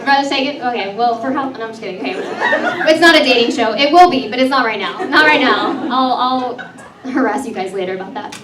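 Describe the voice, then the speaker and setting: A woman in her thirties with a high voice works a comedy club crowd in a chatty, self-mocking stand-up set. Her voice comes from a distance into an echoey room, under loud noise. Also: a little fast. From Texas. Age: 30s. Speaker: comedy host.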